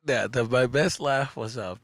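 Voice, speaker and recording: A man's voice: mid-range voice, moderate pace, a bit bright, no room sound. A man in his thirties chatting casually as a podcast guest, laughing often, swearing freely and acting out people's voices in his stories. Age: 30s. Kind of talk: casual storytelling chat.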